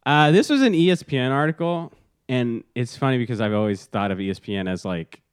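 A man chatting on a podcast, rambling and laughing as he hunts for words. His voice sits in a middling pitch, and the mic is close and dry with no room sound. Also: expressive, fairly quick, smooth, no echo. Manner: rambling, laughs often, loses words mid-sentence. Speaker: podcast co-host. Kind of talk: casual chat.

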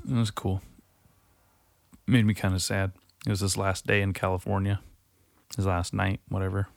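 Rambling low-voiced man in a dry room. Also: dry recording. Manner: rambling and confessional, heavy swearing and filler words. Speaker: podcast host. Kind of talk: late-night solo podcast monologue. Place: darkened room lit by Halloween lights.

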